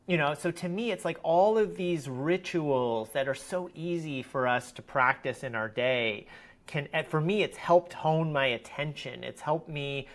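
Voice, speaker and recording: A man's voice: a little high, measured pace, a bit bright. A man who runs a research lab, speaking as a podcast guest in a reflective, searching way, often restarting his sentences. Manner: thoughtful, searching, many restarts. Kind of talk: reflective conversational interview.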